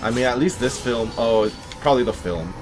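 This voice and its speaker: A man's voice: medium pitch, fairly quick. A man giving let's play commentary on a horror game, wry and talking back to the enemies as he plays. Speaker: gameplay commentator. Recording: game music playing behind. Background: game music.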